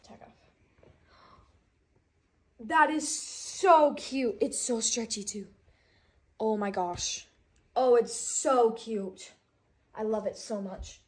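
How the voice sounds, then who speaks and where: A woman with a high voice unboxes a package in casual chat. She speaks slowly and lingers on each word. She keeps gasping and gushing over every item. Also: a little mellow. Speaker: brand ambassador unboxing a package.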